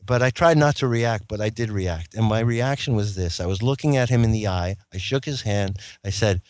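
رجل يحكي قصة شخصية طويلة، بأسلوب حيوي، ويمثّل الحوار المقتبس بقفزات كبيرة في طبقة الصوت. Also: male voice, fairly quick, few pauses, no echo. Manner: animated, acts out quoted dialogue with big pitch jumps. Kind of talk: storytelling monologue.

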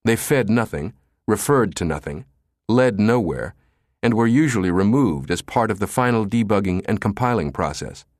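A man narrating an audiobook thriller in a dramatic, expressive reading. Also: on the low side, normal speed, no echo, clean studio sound. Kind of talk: scripted narration.

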